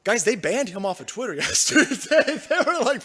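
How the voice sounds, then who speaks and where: Profane ranting high-voiced male streamer. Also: big pitch swings, normal speed, sharp tone. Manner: profane, ranting, reads viewer chat. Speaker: livestream host. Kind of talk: political livestream commentary.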